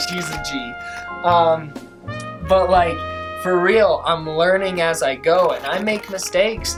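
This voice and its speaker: A young adult woman vlogger giving a casual motivational monologue, swearing constantly and talking emphatically in rambling runs. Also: fairly low pitch.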